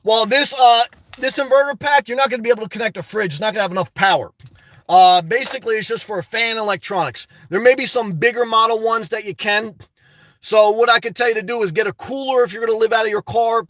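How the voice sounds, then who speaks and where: A man's voice: high-pitched, quick pace, a bit bright, dry recording, far from the mic. A man hosting a livestream, reading the live chat in a chatty way and often tagging on "okay". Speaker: livestream host. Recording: dry sound, voice away from mic.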